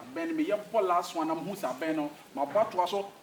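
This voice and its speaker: A man's voice: a little high, moderate pace. A man with a Ghanaian accent playing a football coach in a comedy skit, giving bossy orders and mixing Twi with English. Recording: echoey, far from the mic, faint noise.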